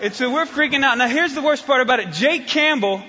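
A man preaching in a church, telling a story in an animated way that builds to excited shouting. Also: very high-pitched, a little fast. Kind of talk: sermon with storytelling. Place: church hall. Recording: dull sound, long hall reverb.

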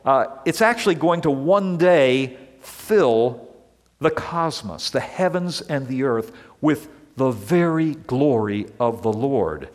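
A male pastor preaching a sermon in an earnest, deliberate way, leaning on repeated words, in a church sanctuary. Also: medium pitch, animated. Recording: long reverb of a large hall.

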